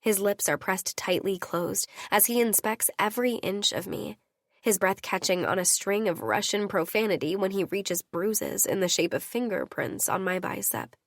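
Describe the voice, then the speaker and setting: A woman narrating a romance audiobook in the first person, her reading intimate and unhurried. Her voice sits mid-range, recorded close and dry. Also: mid-range voice, dry recording.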